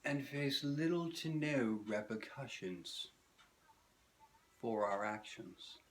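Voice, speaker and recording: A man narrating a scripted comedic video essay with dry, sardonic, self-mocking timing and theatrical pauses. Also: medium pitch, expressive, slight background noise.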